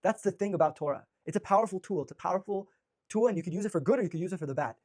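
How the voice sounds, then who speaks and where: A man teaching an informal religious class, energetic, with many restarts and fillers. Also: high voice, rapid-fire.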